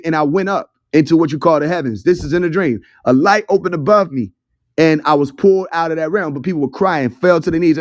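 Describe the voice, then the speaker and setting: Hosting an audio chat room from his phone, this young man has a voice on the high side. His storytelling is casual, chatty and full of profanity, and the recording sounds dry and studio-clean.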